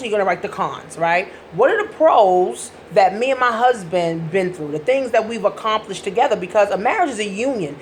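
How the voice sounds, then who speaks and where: A woman's voice: fairly high pitch, slight background noise. Blunt, profane woman vlogging advice. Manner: blunt and profane, talks straight to viewers. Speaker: life coach. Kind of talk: casual advice vlog.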